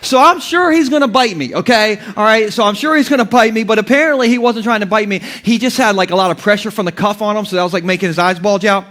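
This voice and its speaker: A man in his thirties delivers a sermon full of jokes and funny stories. His voice sits unusually high for a man. He laughs often as he preaches from the pulpit. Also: fast, hardly any pauses, fairly bright tone. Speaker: pastor. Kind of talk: humorous sermon.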